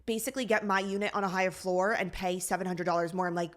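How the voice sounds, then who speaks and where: A woman co-hosting a casual podcast, recounting a frustrating day in an animated, exasperated voice. Her pitch sits mid-range for a woman. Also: fast. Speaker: podcast co-host. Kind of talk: casual storytelling chat.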